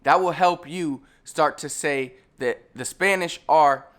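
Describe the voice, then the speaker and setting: A man teaching a casual spoken lesson, repeating drill sounds slowly and coaching the viewer. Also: on the high side, a bit bright. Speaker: language teacher.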